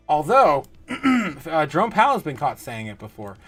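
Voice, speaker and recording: Man, livestream host, reads chat aloud, laughs often, slightly high voice, dry close mic, faint music behind. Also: very animated, unhurried, a bit bright, no echo. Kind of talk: casual livestream chat reading comments.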